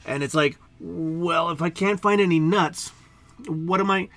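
A man's voice: a little high, a little slow, a bit bright, no echo. A man voicing a huge, hungry male mega squirrel who talks frantically and keeps repeating himself. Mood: anxious.

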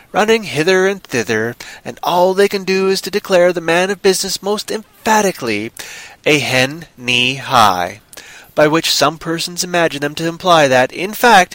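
A man hosting a podcast, reading a story aloud in a measured, expressive way and then chatting with a wry tone. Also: on the high side, no echo, rough recording. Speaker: podcast host.

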